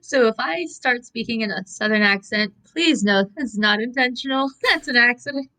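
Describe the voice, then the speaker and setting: A woman's voice: fairly high pitch, expressive, moderate pace, bright, forceful tone. A woman chatting casually as a tabletop player, laughing often and tripping over her words. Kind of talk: casual chat.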